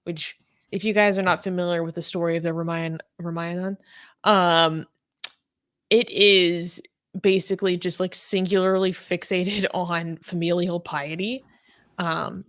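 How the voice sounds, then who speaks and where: A woman talking casually on a livestream, her voice sitting on the low side. She rambles with plenty of fillers and laughs easily. The sound is dry and close. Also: fairly even intonation, normal speed, dry recording. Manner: chatty, laughs often, many fillers. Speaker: co-host.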